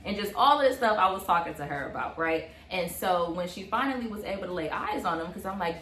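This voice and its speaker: A young woman in her twenties, casually telling a personal story on a couple's vlog, animated and full of fillers. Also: on the low side, fast talker, few pauses, reverberant. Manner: animated, many fillers, acts out quotes. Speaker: vlog co-host.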